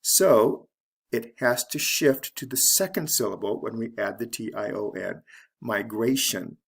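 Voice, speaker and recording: A man teaching English pronunciation, saying words slowly and deliberately and repeating them for practice. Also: medium pitch, expressive, creaky, slightly rough. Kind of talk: pronunciation lesson.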